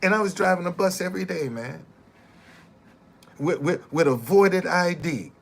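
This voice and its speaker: A man's voice: high voice, expressive, normal speed, gravelly. A middle-aged man, a former bus driver, telling his story in casual, emphatic talk and repeating his points.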